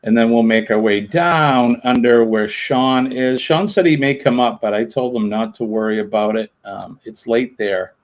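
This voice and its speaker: A man's voice: medium pitch, normal speed, few pauses. A man hosting a casual livestream, rambling with lots of ums and uhs. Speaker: livestream host. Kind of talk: casual live chat.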